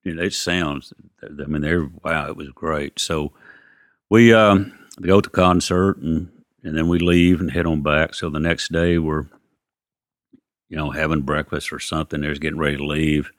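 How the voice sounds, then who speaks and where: A man's voice: extremely low pitch, steady tone, normal speed, dry recording, studio quality. A male musician telling anecdotes in a casual, rambling way, acting out what people said. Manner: rambling, acts out quotes, lots of "you know". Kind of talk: casual storytelling.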